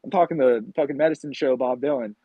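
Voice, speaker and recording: A man's voice: medium pitch, fast talker, slightly rough, no echo. Rambling profane man, dull lo-fi sound. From New England. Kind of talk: casual chat.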